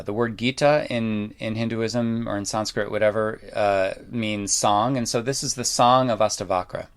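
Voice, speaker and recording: A man telling a story in a casual, loose way, wandering into asides and dropping in mild swearing. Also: medium pitch. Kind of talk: casual spoken storytelling talk.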